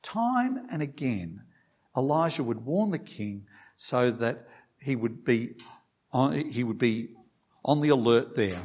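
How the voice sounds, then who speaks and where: A man's voice: medium pitch, animated, slow, a little mellow. A man preaching a sermon, reading a passage aloud with small restarts and lightly voicing the quoted lines. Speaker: pastor.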